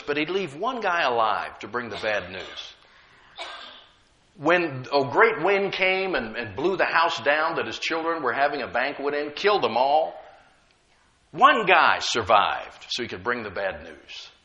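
A man preaching a sermon as pastor, moving from quiet storytelling to loud, emphatic calls and checking in with the congregation. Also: fairly high pitch, muffled recording. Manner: talks directly to the congregation with call-and-response checks.

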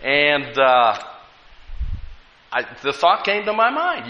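A man's voice: mid-range voice, sing-song, unhurried, pushed and bright, a little hiss or hum. An American man preaching a sermon as pastor, telling stories with rising emphasis. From United States. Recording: echoey room, dull lo-fi sound.

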